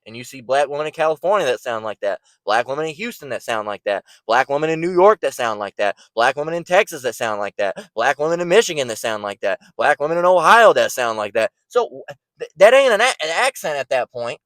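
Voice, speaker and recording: A man's voice: medium pitch, big pitch swings, a little fast, a bit bright, no room sound. A man giving an informal, blunt preaching rant, profane and repeating words as he gets worked up. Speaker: online preacher.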